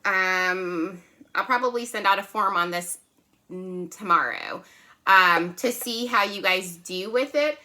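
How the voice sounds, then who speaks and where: A woman teaching a phonics lesson to young children, patient and slow, checking in often with "right?" and "okay?". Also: mid-range voice, bright, forceful tone. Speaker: kindergarten teacher.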